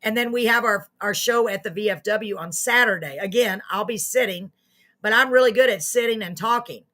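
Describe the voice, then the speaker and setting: A woman's voice: medium pitch, a little fast, pushed and bright. A woman hosting a casual live online show, chatting to viewers in a friendly, self-mocking way. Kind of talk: casual livestream chat to viewers.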